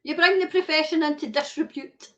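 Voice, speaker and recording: A woman's voice: sits high, a little fast. A woman hosting a live stream, ranting bluntly and swearing heavily while reading viewer comments. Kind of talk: casual ranting chat. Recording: dull lo-fi stream audio.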